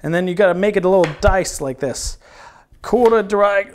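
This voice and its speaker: A man's voice: high-pitched, measured pace, long pauses, slight background noise. A young man hosting a comedic cooking show, talking through his chopping with crude jokes and swearing. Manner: crude, joking, instructional patter with swearing.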